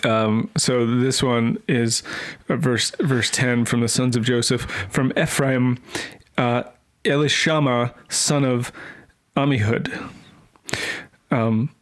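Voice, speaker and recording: Slow-talking male co-host, hesitant and halting, casual comedic podcast chat. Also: medium pitch, fairly even intonation. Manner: hesitant, halting, repeats words, puts on joke accents.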